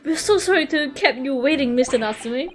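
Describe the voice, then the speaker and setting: A woman voicing a polite, earnest young Japanese lawyer man in a quiet, low-key tone. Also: animated, brisk.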